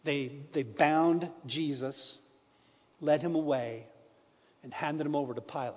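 A man giving a dramatic scripture reading, his delivery swinging from hushed to loud. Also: a little high, unhurried. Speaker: scripture reader. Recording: long reverb with soft piano.

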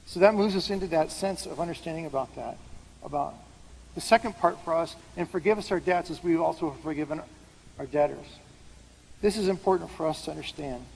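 Preaching to a packed hall, a man with a fairly high, gravelly, husky voice and a darkish tone unpacks scripture a little fast, asking the room questions as he goes. Hall reverb and faint background noise color the audio.

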